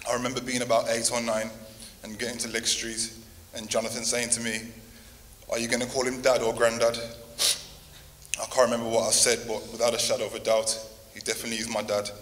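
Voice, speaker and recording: Flat, bright-voiced man in a hall. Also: mid-range voice, fairly quick. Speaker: grandson giving a tribute. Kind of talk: reading a eulogy. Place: church. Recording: long hall reverb, faint noise.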